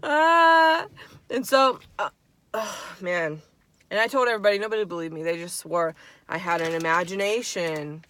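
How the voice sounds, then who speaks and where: A woman in her twenties telling a story on a vlog, animated and swearing freely, with lots of "like". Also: fairly low pitch, moderate pace. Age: 20s. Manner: animated, profane, heavy "like" filler. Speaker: vlogger. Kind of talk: storytime chat.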